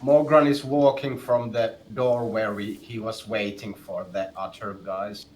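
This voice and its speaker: A man playing a tabletop game, describing his character's actions in a relaxed way. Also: on the low side, measured pace, recorded from a distance, a little hiss or hum, low-quality recording. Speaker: player. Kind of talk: tabletop play.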